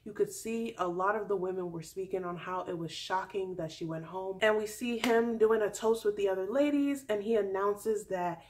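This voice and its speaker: A woman's voice: medium pitch, normal speed, few pauses, darkish tone, slight background noise. Young woman, sassy vlog recap, candid, playful jabs, casual talk. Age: 20s. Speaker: vlogger recapping a reality dating show.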